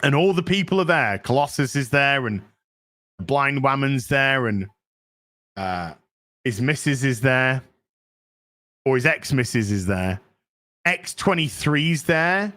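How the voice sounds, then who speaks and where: Bright-voiced man recapping a film. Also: mid-range voice, a little slow, long pauses. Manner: excited, profane storytelling with many fillers. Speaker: podcast host. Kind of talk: casual movie recap chat.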